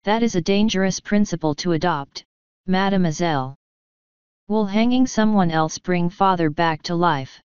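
A woman reading an audiobook, voicing a thoughtful male detective who speaks dryly and gravely. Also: on the low side, moderate pace, darkish tone, dry recording, muffled recording, natural voice. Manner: dry, grave.

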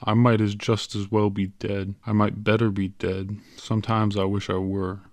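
Guy doing a bitter young bank clerk in an audiobook, scoffy, flat low voice, dry sound. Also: normal speed, no echo, natural voice. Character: weary, bitter young man, a small-town bank clerk.

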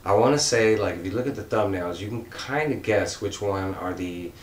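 A man with a very low voice talks casually to his viewers, earnest and rambling, full of ums and restarts. His voice rings in a roomy, echoey space with a faint rumble underneath. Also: moderate pace. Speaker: comics channel host. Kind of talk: casual vlog shoutout.

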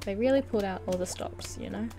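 A woman's voice: medium pitch, fast talker, over music. A young woman streaming a video game, chatting casually and playfully with lots of giggles and rambling asides. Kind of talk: casual gaming stream chat.

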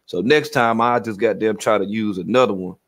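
A man's voice: on the low side, a little fast. A man hosting a livestream, ranting profanely and acting out quotes as he tells his stories. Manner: profane, animated storytelling with acted-out quotes. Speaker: livestream host. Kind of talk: casual livestream rant.

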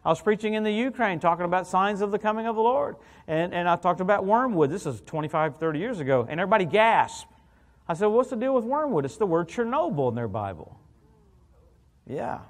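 A middle-aged man preaching an evangelical sermon as a guest minister, animated and joking, often calling out "hallelujah" and "come on". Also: high voice, fairly quick.

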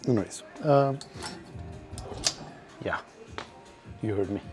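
Slow-talking, profane gym streamer man. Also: fairly low pitch, over music. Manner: profane, self-mocking banter with chat. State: out of breath at times. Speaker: livestreamer. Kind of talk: casual livestream chat while working out.

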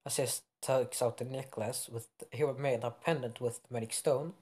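A man's voice: mid-range voice, fairly even intonation, normal speed, a little mellow. A young man improvising a fan-fiction story, rambling and often correcting himself with many fillers.

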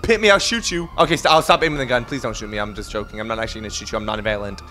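A young man playing a robber in a role-play game, giving excitable, joking commentary to himself while he drives. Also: fairly low pitch, rapid-fire. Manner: excitable, jokey, talks to himself while driving.

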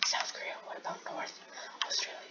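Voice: a little fast, pushed and bright, in a whisper. A gameplay commentator rambling and muttering to themself while browsing game servers. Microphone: home headset or desk mic. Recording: dull lo-fi mic with faint hiss.

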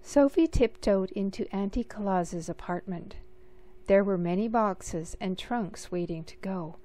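A woman reading a picture book aloud in a gentle, measured storytelling manner. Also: mid-range voice. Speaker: storybook reader.

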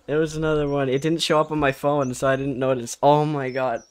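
A man's voice: medium pitch, flat delivery, a little fast, smooth. A man streaming a farming game, chatting with viewers and muttering to himself. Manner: mumbles to himself, then shouts and laughs when surprised. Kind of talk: casual gameplay livestream chat.

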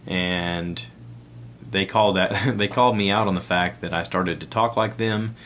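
A middle-aged man with a Southern American accent hosts a casual solo podcast, rambling conversationally and tossing in self-deprecating asides. His voice is deep and fairly bright, his pace measured, with slight background noise.

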